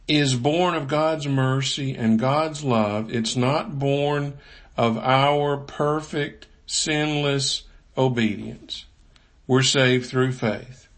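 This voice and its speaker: A man gives a Sunday sermon at a deliberate, slow pace. His voice sits in an ordinary middle pitch, and he reads scripture passages in an even, measured way. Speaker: preacher.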